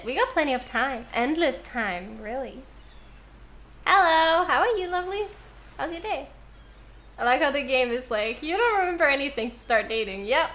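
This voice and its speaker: A woman's voice: high voice, fairly bright tone. A young woman streaming a game from home, reading the game text aloud and chatting playfully with viewers, often giggling.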